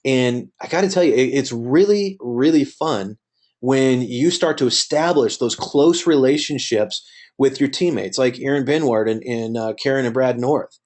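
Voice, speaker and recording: A man's voice: medium pitch, normal speed, darkish tone. A middle-aged man, a company executive, giving an earnest motivational talk on a webinar, with many fillers and restarts.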